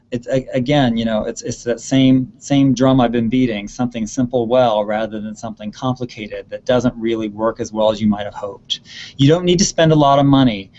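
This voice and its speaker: A man answering student questions about performing, in an earnest, steady voice with a middle pitch. He doubles words for emphasis ("really, really careful"). The web call audio is muffled and lo-fi. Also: slight background noise. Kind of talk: advice in an online Q&A. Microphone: video call.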